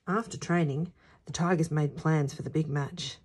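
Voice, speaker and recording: A woman, who teaches at a school, reading a children's picture book aloud in a lively storytelling voice. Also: deep voice, moderate pace, slight background noise. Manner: expressive, sing-song storytelling.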